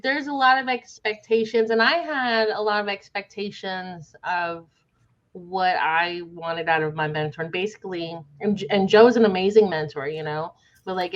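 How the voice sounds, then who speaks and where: A woman's voice: fairly low pitch, moderate pace, muffled recording. A woman guest on a podcast, explaining with emphatic exasperation in casual conversation.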